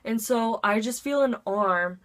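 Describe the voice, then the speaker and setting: A woman's voice: a little high, a little slow, fairly bright tone. Chatty teen girl telling a storytime. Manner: chatty, breathless storytelling, heavy use of "like"; dramatic voice swings into acted quotes. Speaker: vlogger. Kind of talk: storytime vlog.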